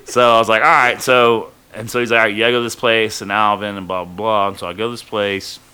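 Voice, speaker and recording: Low, bright-toned man telling a story. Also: flat delivery, fast talker, smooth. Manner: laid-back, profane, rambling with fillers. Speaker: podcast host telling his story. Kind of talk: casual storytelling.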